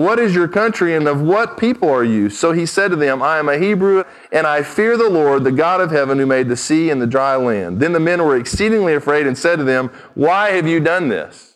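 Man, pastor, sermon, emphatic, conversational asides, slightly high voice. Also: poor audio.

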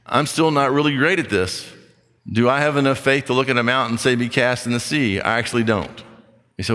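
Pastor preaching in a reverberant hall. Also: male voice, fairly high pitch, moderate pace, bright, forceful tone. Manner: conversational preaching, acts out imagined voices. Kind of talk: sermon.

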